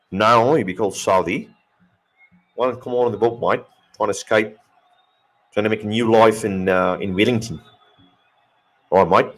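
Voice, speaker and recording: A man putting on a rough, gruff convict sailor who keeps saying "mate", lower and quieter than his own voice. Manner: gruff, says mate a lot.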